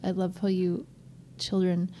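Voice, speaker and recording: A woman's voice: on the low side, flat delivery, a little slow, dark tone. A middle-aged woman and mother co-hosting a casual family podcast, gushing and laughing often. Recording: faint background noise.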